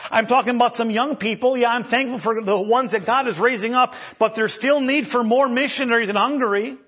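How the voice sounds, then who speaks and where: A man preaching an animated sermon, acting out scripture voices and stammering for effect. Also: very high voice, fairly quick, breathy edge. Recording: dull lo-fi recording.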